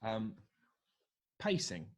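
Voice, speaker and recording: A man's voice: fairly low pitch, huge pitch swings, very slow. A man teaching presentation skills to a live online workshop from a video call, reading out and answering what participants suggest. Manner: coaching, reads out participant answers.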